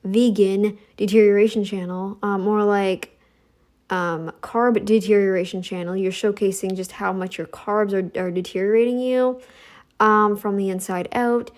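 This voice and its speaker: A middle-aged woman hosts a commentary channel, speaking with a steady tone at a moderate pace. Her sassy, scolding monologue targets her critics, whom she mocks in high voices.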